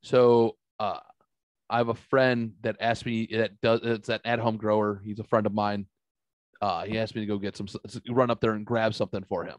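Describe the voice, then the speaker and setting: A man's voice: fairly low pitch, normal speed, no room sound. Casual profane st louis guy hosting a podcast, middle-aged, dry sound. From St. Louis area. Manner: profane, animated storyteller. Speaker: podcast host. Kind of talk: casual storytelling chat.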